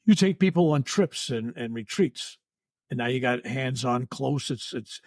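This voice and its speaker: Older male reverend, podcast guest. Husky, dry close sound, earnest, meandering delivery. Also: mid-range voice, animated, measured pace, a little mellow, no echo. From United States. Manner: earnest, rambling, repeats words and says "you know" often. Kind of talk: spiritual podcast interview.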